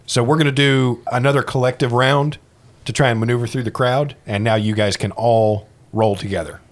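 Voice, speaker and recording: A man narrating a tabletop game as game master, relaxed and quick to laugh. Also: medium pitch.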